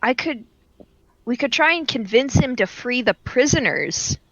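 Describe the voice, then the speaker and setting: Blunt, somewhat high-voiced woman player. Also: animated, a bit bright, no echo, muffled recording. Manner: blunt, quick to argue. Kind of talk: tabletop game chat.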